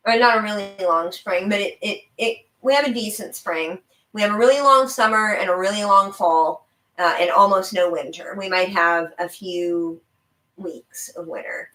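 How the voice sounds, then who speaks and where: A woman's voice: medium pitch, fairly bright tone. A young woman with a faint Southern US accent, chatting casually on a live stream, rambling with frequent laughs. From American South. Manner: chatty and rambling, laughing often, talking to her dog. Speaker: livestream host. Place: room in her house. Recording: roomy home recording.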